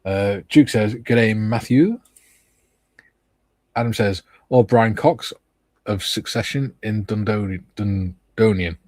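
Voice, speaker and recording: A man's voice: fairly low pitch, fairly even intonation, measured pace, a little mellow, dry recording. A man hosting a live chat stream, easygoing and casually reading out viewers' comments. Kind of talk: casual chat while painting models.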